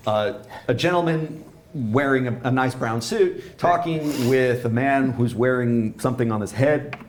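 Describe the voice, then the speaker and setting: A man serving as game master who describes scenes at length, often stopping to correct himself. His voice sits at a middle pitch. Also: unhurried, slight background noise. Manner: descriptive, rambling, self-correcting. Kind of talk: narrating a tabletop game.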